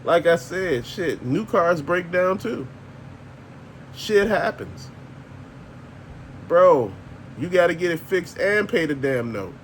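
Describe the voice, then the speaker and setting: A man's voice: on the high side, big pitch swings, slow, long pauses, a bit bright, a little hiss or hum. An older man, ranting bluntly and profanely as a channel host, laughing often. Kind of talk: casual ranting monologue.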